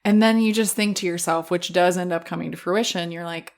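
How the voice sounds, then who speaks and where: A woman guesting on a podcast, talking about films in a lively, casual way and laughing easily. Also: lowish voice. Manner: lively, quick to laugh, acts out quotes. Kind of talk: casual film discussion.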